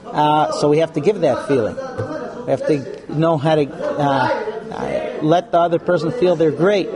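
A man's voice: a little high, moderate pace, a loud crowd. A man teaching a live class on marriage, talking frankly and acting out couples' lines in put-on voices. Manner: animated, acts out quoted couples. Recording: live room with audience noise.

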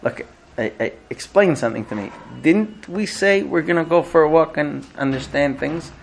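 Frustrated husband, earnest and pleading, pitched slightly high; a male lecturer acts him out. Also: moderate pace, creaky, slight background noise. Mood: coaxing. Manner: earnest, pleading, rising to exasperation.

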